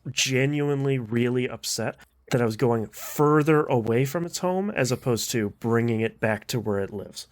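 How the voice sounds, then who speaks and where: A man hosting a casual video game podcast, chatty and quick to laugh, with frequent fillers. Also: mid-range voice. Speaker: podcast host. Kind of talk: casual gaming podcast chat.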